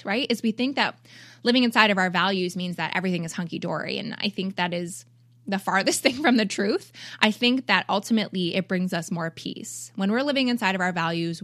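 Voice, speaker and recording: A woman in her thirties talks straight into a close mic as the host of her own podcast. Her delivery is earnest and heartfelt, full of ums and little "right?" checks. Her pitch sits mid-range, and the room adds no echo at all. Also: a bit bright. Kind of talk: heartfelt solo podcast talk.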